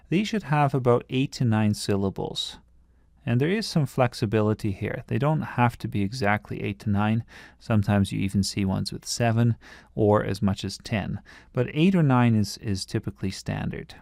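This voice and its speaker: A man's voice: medium pitch, normal speed, creaky, darkish tone, dry recording, studio quality. A man teaching a writing lesson, explaining patiently and breaking off now and then to restart a thought.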